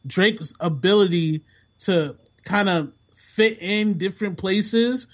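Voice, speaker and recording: Casual podcast co-host, man, high-pitched and animated, quick to laugh. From half Bajan, family in Toronto. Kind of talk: casual chat.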